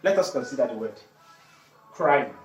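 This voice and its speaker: An English teacher explains grammar with a lively, swooping pitch and repeats the key words. The teacher asks questions and answers them. The voice sounds roomy and echoey, with faint music underneath. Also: moderate pace, dull audio. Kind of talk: online grammar lesson.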